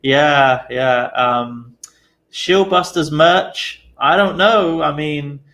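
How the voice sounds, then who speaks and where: Young uk guy streaming, kinda tired, gravelly voice, slow rambly chat with lots of ums. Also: on the high side. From United Kingdom. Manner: relaxed, chatty, many fillers, laughs easily. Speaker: live stream host. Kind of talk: casual live-stream chat.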